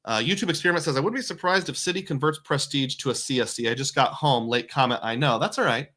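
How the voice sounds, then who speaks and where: A man's voice: mid-range voice, fast, bright, forceful tone. A man hosting a casual livestream, reading viewer comments aloud and thanking donors with frequent chuckles. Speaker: livestream host. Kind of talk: casual live-stream chat.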